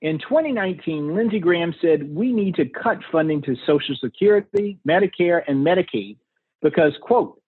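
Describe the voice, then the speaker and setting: A man's voice: on the high side, lively intonation, normal speed, husky, dry recording. Earnest southern man on a tinny line. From South Carolina. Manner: earnest, passionate, folksy. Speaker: political candidate, guest. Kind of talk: remote interview. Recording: tinny phone-like remote line.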